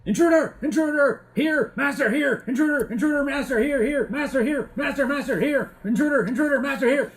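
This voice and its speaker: Figure: a growly guard dog. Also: male voice, very high-pitched, brisk, few pauses, voice pushed up. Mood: alarmed shouting. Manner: shouts short barking phrases over and over. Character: growly talking guard dog, excitable, simple-minded. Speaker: game master voicing a creature.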